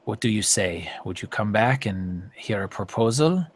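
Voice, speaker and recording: A hushed, scheming alien woman, as a man puts her on for a tabletop game. She has a put-on foreign accent and speaks in quiet, measured, half-whispered tones. Her voice sits a little lower and softer than the game master's own. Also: lively intonation. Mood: persuasive. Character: smooth-talking female alien majordomo, calm and scheming.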